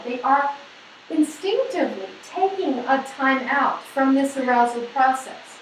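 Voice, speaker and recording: A woman presenting a seminar to a women's group, lively, asking the audience questions and acting out the people she quotes. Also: high voice, a little hiss or hum. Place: hall or meeting room. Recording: echoey room, mic at a distance.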